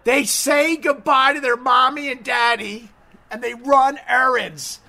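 A man's voice: very high voice, fairly even intonation, unhurried, gravelly, sharp tone. A middle-aged man chatting casually on a live stream, rambling, mocking himself and swearing freely.

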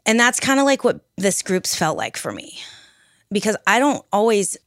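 A woman's voice: medium pitch, sing-song, normal speed, no echo, clean studio sound. A young adult woman co-hosting a podcast, talking in a reflective, candid way that rambles with restarts. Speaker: podcast co-host. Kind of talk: casual group podcast chat.

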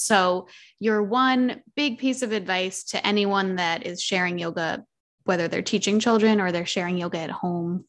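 A woman who is a mother, hosting an interview podcast and cheering her guest on with enthusiastic agreement. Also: mid-range voice. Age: adult mother. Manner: warmly affirming, enthusiastic. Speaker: podcast host. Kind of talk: casual interview chat.

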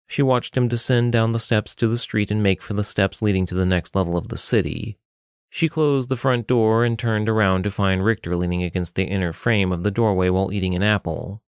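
A man narrating an audiobook with an expressive reading. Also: fairly low pitch, brisk, clear, resonant tone, dry recording, clean studio sound.

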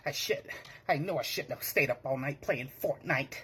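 A man's voice: medium pitch, normal speed. A young man rambles through a comedic sketch monologue in a flustered, whiny panic. Keyboard clatter and a faint hiss sit behind him. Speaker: comedy skit performer.

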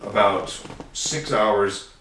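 Lowish-voiced man telling stories in an echoey room. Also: drawn-out words, recorded from a distance, a little hiss or hum. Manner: animated storyteller, acts out dialogue loudly. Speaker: guest. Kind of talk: casual storytelling interview. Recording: echoey room, a bit off-mic, faint ambience.

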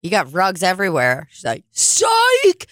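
Low-voiced young woman, casual chat. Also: animated, measured pace, a bit bright, no echo. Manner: rambling, swears casually.

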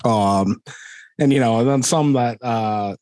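A man's voice: medium pitch, slow pace, a little mellow, dry recording. A young man in his twenties with a Scottish accent, chatting easily as a guest in an interview. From Scotland. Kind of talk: casual interview chat.

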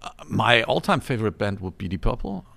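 Gravelly low man, halting speech. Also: sing-song, sharp tone. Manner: halting, restarts often, measured opinions. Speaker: guest musician. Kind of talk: casual chat.

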